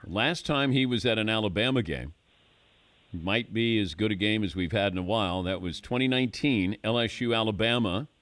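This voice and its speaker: An older man hosting a sports radio show, chatting casually with a wry, relaxed manner and frequent laughs. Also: fairly low pitch, fairly quick. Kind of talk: casual studio banter.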